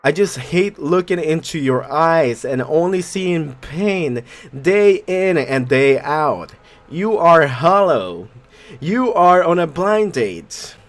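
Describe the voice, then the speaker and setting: This is a cruel blind date who is really a man's own harsh inner voice, read out by a man. He lingers on each insult in a slow, theatrical way. His pitch rises and falls widely. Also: animated.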